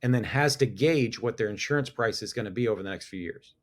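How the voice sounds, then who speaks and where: A middle-aged man, a business owner talking as a guest in a casual podcast chat, chatty and quick to laugh, often restarting his sentences. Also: on the low side. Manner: talkative, restarts, laughs easily.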